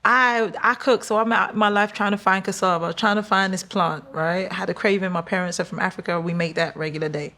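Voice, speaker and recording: A woman in her forties with a London accent chats casually as a podcast guest. She talks in an animated way, laughs often and switches into high voices to quote people. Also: brisk, few pauses. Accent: London English. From London, England. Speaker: guest singer.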